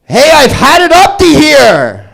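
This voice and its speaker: A comedian doing an impression of a brash New Yorker man in a put-on New York accent, drawn out and slow. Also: extremely high pitch, huge pitch swings, creaky, fairly bright tone, voice pushed up, full character voice. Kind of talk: stand-up impression.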